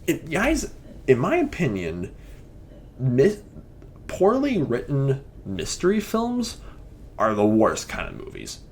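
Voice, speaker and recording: Rambling, animated young man reviewing films. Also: mid-range voice, slow pace, long pauses, slightly rough. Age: young adult. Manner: rambling, filler-heavy, enthusiastic with frequent restarts. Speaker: movie reviewer. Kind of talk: casual spoken film review.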